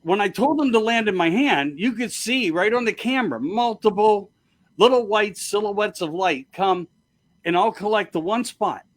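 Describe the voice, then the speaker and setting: A man's voice: high-pitched, lively intonation, normal speed. A man hosting a show, chatting eagerly in loose, run-on sentences. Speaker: show host. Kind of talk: casual interview chat.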